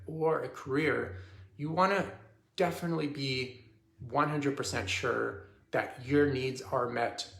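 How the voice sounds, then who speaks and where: A man's voice: medium pitch, creaky, a bit bright. A man hosting a live talk, speaking casually to his audience, often checking in with "okay?" and restarting his sentences. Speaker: host. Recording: echoey room.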